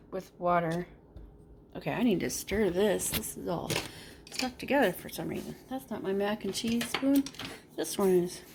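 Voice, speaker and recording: A woman's voice: medium pitch, background noise. A woman vlogging casually from her kitchen at home, chatty and rambling, correcting herself as she goes. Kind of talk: casual vlog chat.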